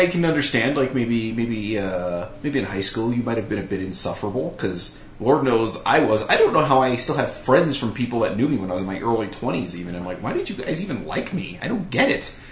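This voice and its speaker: A man's voice: medium pitch, lively intonation, brisk, roomy sound, a little hiss or hum. A man hosting a casual podcast, rambling and self-deprecating with lots of fillers. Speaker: podcast host.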